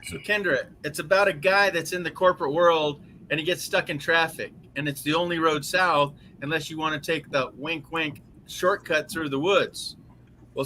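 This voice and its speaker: A man hosting a casual chat, joking and quick to chime in. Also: a little high, pushed and bright, slight background noise.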